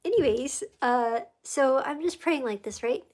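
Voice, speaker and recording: A woman's voice: high voice, animated, a little slow, a little mellow. A woman hosting a livestream, telling a faith story in a rambling, emotional way and easily sidetracked. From United States. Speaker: livestream host. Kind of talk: casual faith testimony livestream.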